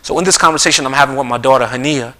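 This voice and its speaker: A man's voice: medium pitch, very fast, a bit bright, poor audio. A middle-aged man giving an earnest talk on a live stream, telling stories and often restarting and repeating his phrases. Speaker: speaker on a community live stream. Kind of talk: conversational talk with storytelling. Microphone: streaming mic.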